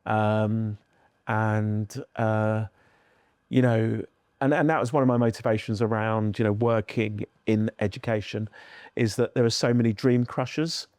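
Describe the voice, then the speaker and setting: A man's voice: lowish voice, steady tone, a little slow, a little mellow, dry recording, studio quality. A middle-aged man from London, a podcast guest who talks earnestly and tells stories with animation. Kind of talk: podcast interview.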